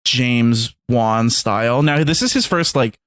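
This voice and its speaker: A man's voice: medium pitch, measured pace, a bit bright, no echo. A man co-hosting a movie podcast in casual chat, rambling, swearing often and acting out scenes. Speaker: podcast co-host.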